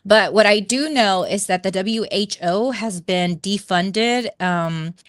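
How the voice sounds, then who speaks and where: A woman's voice: mid-range voice, takes it slowly, no echo, studio quality. A woman from the United States, a panelist in a casual political debate, explaining her view earnestly with many fillers.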